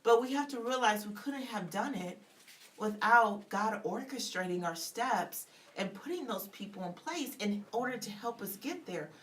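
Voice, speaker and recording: A woman's voice: fairly high pitch, slight background noise. Woman author on a radio show telling her faith story, emphatic, repeats lines like a preacher. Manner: emphatic, storytelling, acts out dialogue; repetitive preacher-like cadence. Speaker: author and public speaker, guest. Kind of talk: faith testimony in a radio interview.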